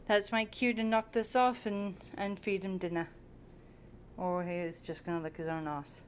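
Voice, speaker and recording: A woman's voice: mid-range voice, steady tone, normal speed, clean tone. A young woman at home chatting casually to the camera while playing with her cat, teasing and cooing at him. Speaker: cat owner filming her pet.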